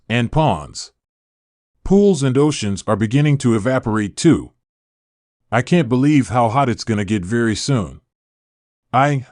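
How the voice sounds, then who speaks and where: A man's voice: mid-range voice, a little mellow, no room sound, studio quality, close to an everyday voice. A man voicing a shaken news reporter describing a heat disaster in a fictional emergency broadcast.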